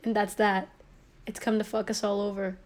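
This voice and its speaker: A young woman chats idly on a live stream while painting from a phone, rambling, talking to herself, and mocking herself in jest. Her voice is medium-pitched, level, and darkish, at a normal speed.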